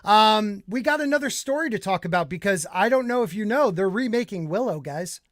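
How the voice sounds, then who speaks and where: A man with a notably high voice hosts a podcast in loose, casual chat. He rants and swears freely, sounding exasperated. The sound is dry and close. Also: animated, a little fast, a bit bright, dry recording. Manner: profane, exasperated ranting. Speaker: podcast host.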